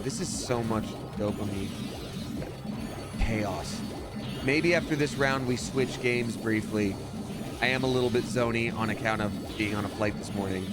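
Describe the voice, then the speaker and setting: A man streaming live while he plays a game, chatting casually and upbeat, using slang and apologizing often. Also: lowish voice. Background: loud game music.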